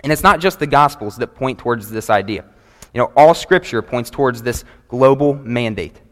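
A man, preaching a sermon to a congregation in an earnest, measured way and reading scripture aloud. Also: medium pitch, expressive, a bit bright. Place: church sanctuary before a congregation. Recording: long reverb of a large hall.

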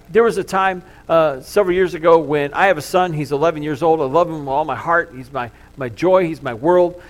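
Earnest preacher man, slightly high voice. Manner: earnest storytelling, swings from loud to hushed. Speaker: pastor. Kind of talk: sermon.

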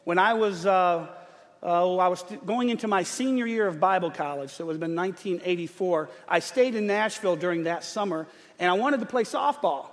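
A middle-aged man preaching a sermon, telling a humorous story in an animated way. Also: sits high. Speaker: pastor. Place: church sanctuary. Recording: long church hall reverb.

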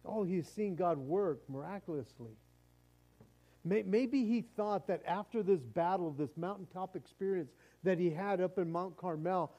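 A man's voice: sits high, measured pace, dark tone, poor audio. A man preaching a sermon in a conversational way, often stumbling and restarting his words. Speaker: pastor.

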